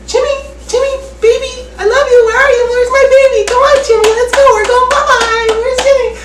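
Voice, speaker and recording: A man voicing a hysterical middle-aged woman who shrieks and wails in a shrill falsetto. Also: steady tone, a little fast. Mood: frantic pleading. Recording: echoey room, distant mic, faint hiss.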